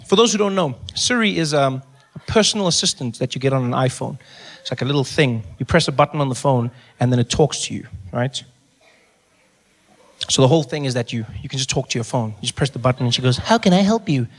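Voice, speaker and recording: A man performing animated stand-up storytelling on a comedy stage. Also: mid-range voice, quick pace.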